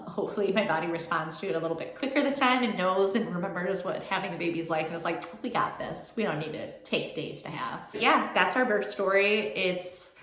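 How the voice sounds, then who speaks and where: A woman's voice: low-pitched, a bit bright. A young woman vlogger telling a personal story in a casual, chatty way, filling her speech with "like". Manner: chatty, heavy use of "like", emotional. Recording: echoey room.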